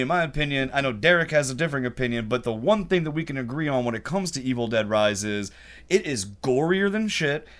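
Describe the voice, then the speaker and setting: A man's voice: medium pitch, fairly bright tone. A man hosting a casual podcast chat, who laughs often while telling stories. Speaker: podcast host.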